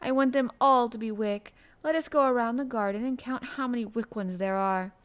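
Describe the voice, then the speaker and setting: A woman's voice: high voice, very animated, unhurried, a bit bright, voice pushed up, exaggerated voice. A woman voicing an eager little girl who speaks in a breathless, whispery way, in an audiobook reading. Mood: eager whisper.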